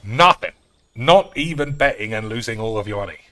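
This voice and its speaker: A man's voice: fairly low pitch, expressive, normal speed, bright, forceful tone. A man chatting casually and swearing freely while streaming a card game. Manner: rambling, sweary, offhand. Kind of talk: casual live-stream chat while gaming.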